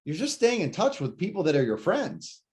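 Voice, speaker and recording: A man co-hosting a casual podcast, talking shop with lively energy and acting out imagined phone calls. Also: high-pitched, normal speed. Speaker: podcast co-host. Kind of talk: casual real estate podcast chat.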